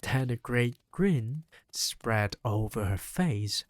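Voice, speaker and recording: An audiobook reader narrating a novel in the first person with expressive, measured storytelling. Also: mid-range voice, no room sound.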